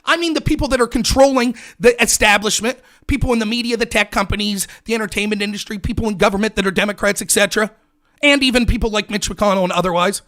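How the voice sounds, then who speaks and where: An American man hosting a livestream, delivering an angry, profane political rant that often breaks into shouting. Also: sits high, fast talker. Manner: furious, profane, shouting at viewers.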